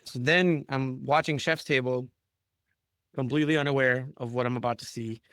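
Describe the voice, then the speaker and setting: A man in his thirties from Chicago tells kitchen stories in an easy podcast chat. He talks with animated swagger and casual swearing. His voice sits in the middle of the range and is recorded in a dry, close room. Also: medium pitch, moderate pace, dry recording. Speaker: chef and podcast guest.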